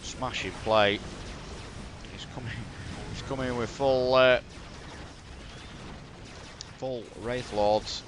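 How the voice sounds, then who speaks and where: A man's voice: medium pitch, fairly even intonation, takes it slowly, pauses often, a little hiss or hum. A man with a Yorkshire accent, commentating a replay of his own strategy game in blunt, sweary, exasperated banter. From Yorkshire, England. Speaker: gaming commentator.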